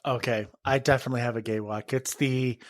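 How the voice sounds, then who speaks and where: A man's voice: mid-range voice, steady tone, a little fast, no echo, clean studio sound. A man talking as a podcast guest in casual chat, laughing often as he tells stories. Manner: giggly, chatty, storytelling. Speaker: interview guest.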